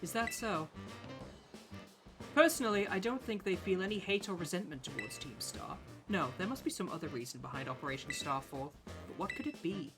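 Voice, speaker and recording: A woman reading out the lines of a calm, secretive game ally, in a soft, measured voice. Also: on the low side, over music, close to an everyday voice. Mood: calm, musing.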